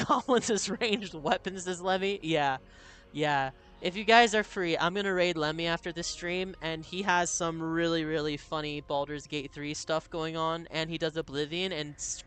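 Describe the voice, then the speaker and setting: A man's voice: fairly high pitch, bright, forceful tone, smooth. A man streaming a video game, chatting casually, laughing often and reading viewer messages aloud. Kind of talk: casual live-stream chat over gameplay.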